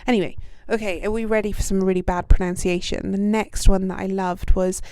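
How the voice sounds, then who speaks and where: A woman's voice: mid-range voice, flat delivery, a little fast, mellow, dry recording, studio quality. A young British woman hosting a podcast, talking in a casual, self-deprecating way with plenty of ums and likes. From United Kingdom. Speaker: podcast host. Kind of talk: casual reflective monologue.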